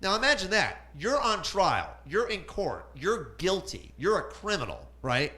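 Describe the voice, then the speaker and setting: Bright, animated comic in his forties. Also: high voice, unhurried. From Southern California. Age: 40s. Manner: rambling, self-deprecating asides. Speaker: stand-up comic. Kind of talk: open-mic stand-up comedy. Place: comedy club stage.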